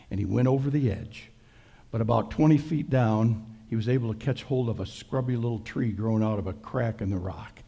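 Gravelly, folksy middle-aged preacher. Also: male voice, mid-range voice, dark tone. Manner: folksy, conversational storytelling with jokes. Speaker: pastor. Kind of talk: sermon.

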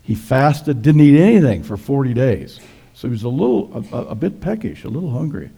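A man preaching a sermon, telling folksy jokes in a relaxed storytelling way. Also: mid-range voice, fairly quick, creaky, breathy edge. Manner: folksy, joking. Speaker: pastor.

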